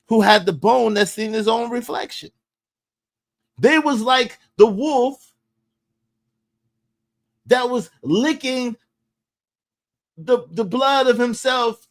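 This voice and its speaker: A man's voice: very high voice, creaky. A man hosting a livestream who talks in a preachy, emphatic way and repeats lines for effect. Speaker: livestream host. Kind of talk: opinionated streaming rant.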